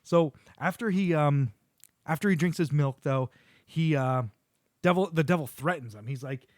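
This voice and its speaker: A man's voice: on the high side, moderate pace, no room sound, studio quality. A middle-aged man hosting a podcast, eagerly recapping an episode, acting out quotes and laughing often. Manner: animated storyteller, acts out quotes, laughs often. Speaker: podcast host. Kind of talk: casual chat recapping a show.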